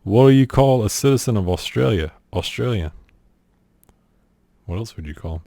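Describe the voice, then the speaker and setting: A man's voice: fairly low pitch, lively intonation, normal speed, vocal fry, mellow, dry recording, clean studio sound. A young man from South Carolina with a Southern accent, casually working through an accent challenge in an offhand, laid-back way. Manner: laid-back, offhand, says "y'all" and "ain't". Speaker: streamer doing an accent challenge. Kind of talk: casual vlog reading a list of questions.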